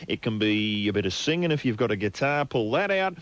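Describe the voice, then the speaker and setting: A man's voice: fairly low pitch, very animated, fairly bright tone, highs cut off. A man with an Australian accent co-hosting a comedy radio show, bantering and chuckling. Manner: jokey, brisk, chuckling. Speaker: radio co-host. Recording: radio broadcast.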